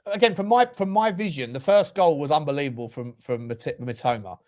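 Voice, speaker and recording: Male football fan show host, higher voice, animated and sweary. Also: brisk. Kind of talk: casual chat.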